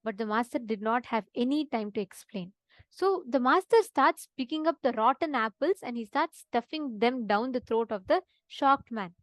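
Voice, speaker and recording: A woman's voice: on the high side, expressive, moderate pace, no room sound. A woman presenting an online spiritual session, telling a devotional story with checks like "right?" and "understand?". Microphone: online session with chat.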